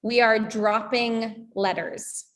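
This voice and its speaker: An American woman with a somewhat high voice explains language learning as a guest teacher. She talks in a lively, hands-on way, demonstrating pronunciation with her own examples. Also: takes it slowly. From United States. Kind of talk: explanatory conversation.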